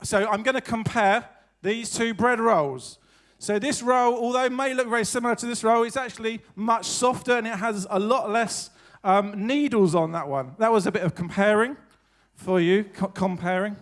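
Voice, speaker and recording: With a high voice and moderate pace, a man serves as stage host at a live evening event, introducing acts. His audience banter is comic, jokey, and self-mocking.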